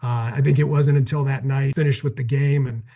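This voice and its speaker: A middle-aged man from Cleveland, a former pro football player, telling an animated story as a guest on a talk show. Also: medium pitch, brisk, gravelly. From Cleveland, Ohio, USA. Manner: energetic, acts out quoted exchanges.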